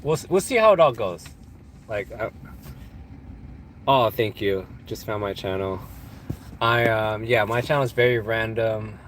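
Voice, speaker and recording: A man's voice: lowish voice, measured pace, long pauses, a bit bright, slight background noise. Stuffy-nosed man rambling on a livestream. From California. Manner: rambling, joking, laughs often. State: congested from allergies. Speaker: live-stream host answering chat. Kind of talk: casual live-stream chat.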